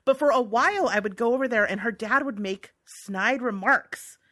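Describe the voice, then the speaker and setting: A woman's voice: fairly high pitch, moderate pace, dry recording, studio quality. A young adult woman co-hosting a podcast in casual chat, joking and laughing often. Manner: lively, laughing, joking asides. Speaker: podcast co-host.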